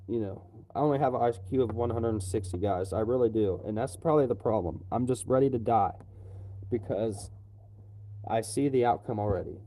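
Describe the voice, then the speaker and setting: A man's voice: medium pitch, dark tone, rough recording. A man on a livestream, ranting angrily about politics, swearing often and ending lines with "you know". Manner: profane, repetitive, keeps tagging lines with "you know". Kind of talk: angry political rant on a livestream.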